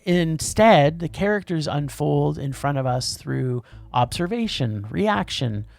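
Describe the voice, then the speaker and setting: Animated gravelly man reviewing films. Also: on the high side. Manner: animated, quick, trips over words, restarts. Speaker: podcast co-host. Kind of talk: casual movie review chat.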